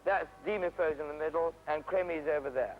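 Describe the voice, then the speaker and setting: A man directing actors at an outdoor play rehearsal, stopping them briskly to correct their delivery and staging. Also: fairly high pitch. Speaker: drama teacher directing a rehearsal. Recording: dull, faintly noisy 1970s archive recording.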